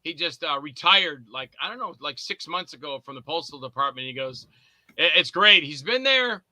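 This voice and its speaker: A man talks casually on a podcast, winding through anecdotes and playing every part himself. His voice sits high and sounds sharp and bright. The sound is dry and close, with no room around it. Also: expressive, normal speed, no echo. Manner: rambling storyteller who acts out both sides of conversations. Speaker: podcast guest, indie filmmaker and actor. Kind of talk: casual chat.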